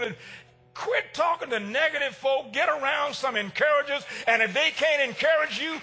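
A male pastor preaching a sermon, swinging between shouted lines and hushed ones. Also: very high voice, moderate pace, breathy edge.

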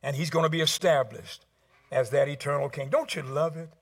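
A man preaching a sermon as pastor in a church, emphatic, swinging from shouts down to low, quiet tones. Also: animated, brisk, slightly rough.

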